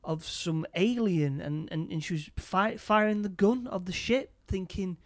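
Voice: mid-range voice, a little slow. A speaker casually retelling a film's plot scene by scene, stumbling over and repeating words. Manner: stammering, repeats words often.

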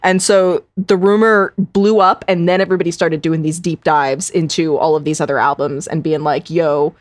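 A woman co-hosting a casual podcast, chatty and laughing as she tells a story. She swears freely and speaks in a somewhat low voice. The recording is dry and close. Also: fairly even intonation, moderate pace, no echo. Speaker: podcast co-host.

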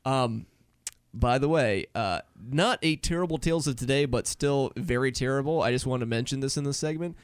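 A man's voice: medium pitch, normal speed, smooth, no room sound. Casting note: man, podcast co-host, joking chat, dead-dry close sound. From New England. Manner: jokey, laughing, puts on voices for quotes. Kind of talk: casual chat.

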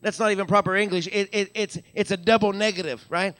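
A high, steady, slightly bright male voice preaches a live sermon at a quick pace, pastor to congregation in a church sanctuary. He has a Western Pennsylvania accent, stammers through repeated words as he builds, and calls out hallelujah. There's no echo.

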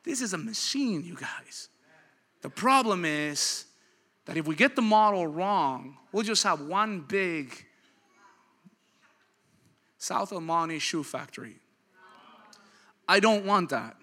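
A pastor in his thirties with a high, very bright and tense voice. He preaches dynamically, moves from quiet storytelling to loud, driving peaks, and acts out the people in his stories. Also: animated, takes it slowly, long pauses. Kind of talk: sermon.

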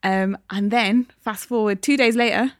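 A woman's voice: mid-range voice, steady tone, moderate pace, no room sound. Podcast co-host, woman in her thirties, emotional storyteller, close dry mic. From England. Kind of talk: casual chat.

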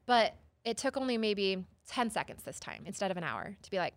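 Woman, psychotherapist guest; animated storyteller, mid-pitched, dry close mic. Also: fairly quick, no room sound. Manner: expressive, acts out quoted voices, many "like" and "right?". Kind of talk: storytelling in an interview.

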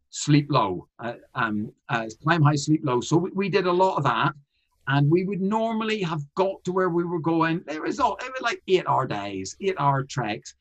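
A man's voice: on the high side, a bit bright, highs cut off. A man, a comedian, telling a story in a casual interview, rambling with frequent restarts and fillers. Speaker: guest, comedian.

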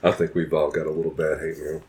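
A man's voice: very deep voice, level tone, fast, over a noisy crowd. A man on a podcast, chatting casually with a blunt, emphatic, profane manner. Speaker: podcast co-host. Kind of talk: casual chat.

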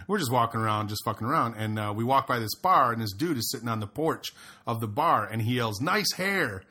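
A man hosting a casual podcast chat, telling stories with lively acted-out quotes and plenty of swearing. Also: medium pitch, quick pace. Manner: animated storyteller, swears freely, acts out quotes loudly. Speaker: podcast host. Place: Los Angeles.

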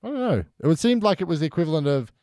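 A man chatting as a podcast guest, lively, often quoting lines in put-on voices. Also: fairly high pitch, rapid-fire, dry recording, studio quality. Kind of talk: casual chat.

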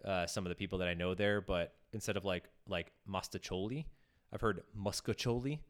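Low-voiced rambling man chatting. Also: fairly even intonation, fairly quick, a bit bright. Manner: rambling, many restarts and fillers. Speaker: podcast co-host. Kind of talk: casual chat.

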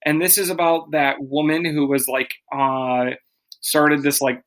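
A man's voice: on the high side, flat delivery, unhurried, a bit bright, rough recording. A man hosting a podcast, joking around and leading the segments in casual chat. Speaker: podcast host.

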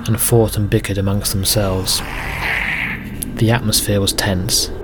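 A man narrating a solo tabletop game as game master, with steady, even storytelling. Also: fairly low pitch, background noise. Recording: music bed under narration.

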